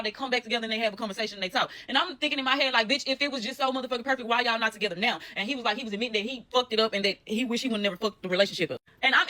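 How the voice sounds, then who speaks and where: Rapid, bright-voiced woman telling a story. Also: a little high. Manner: blunt, profane, animated storytelling. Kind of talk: casual storytime monologue.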